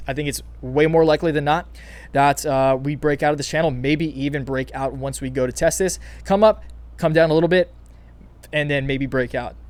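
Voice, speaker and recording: Hyped young man talking crypto prices. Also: a little high. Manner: excited, hyped, many fillers and restarts, calls viewers "you guys". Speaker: crypto channel host. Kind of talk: casual market commentary.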